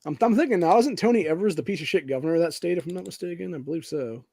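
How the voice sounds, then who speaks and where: A man's voice: fairly high pitch, very fast, vocal fry, warm tone, breathy edge, dry recording. A man hosting a casual political show, ranting angrily with heavy profanity and calling everyone "dude". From Ohio, USA. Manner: profane, angry, says "dude" often. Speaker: podcast host.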